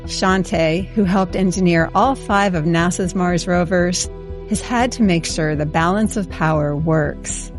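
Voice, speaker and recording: A woman host giving measured, scripted narration for a science podcast. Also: on the low side. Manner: measured, explanatory. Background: music bed.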